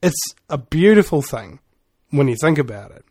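Animated sardonic man. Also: on the high side, normal speed, no room sound, clean studio sound. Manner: sardonic, theatrical, laughs at his own lines. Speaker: commentator. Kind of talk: rambling monologue.

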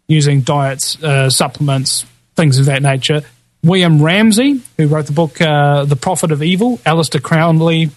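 A man's voice: fairly high pitch, dry recording. A man hosting a podcast, casually rambling through a list of past guests with lots of fillers, restarts and jokey asides. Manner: laughs often, jokey asides. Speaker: podcast host.

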